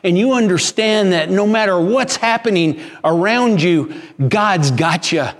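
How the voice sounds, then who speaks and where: Man, pastor, sermon, high-pitched, slow deliberate delivery, emphatic restarts. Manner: earnest, emphatic preaching with frequent restarts.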